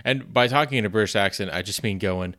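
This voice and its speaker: A man alone on his podcast talks fast in a lowish voice that comes across pushed and bright. His casual chat wanders, full of self-mockery, repeated "you know"s and the odd swear word.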